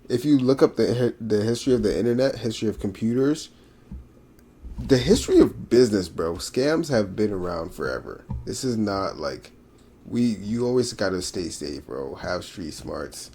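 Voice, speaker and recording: Casual male reaction host, deep and mellow, talks loose and slangy. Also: animated, normal speed, breathy edge. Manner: casual, says "bro" a lot.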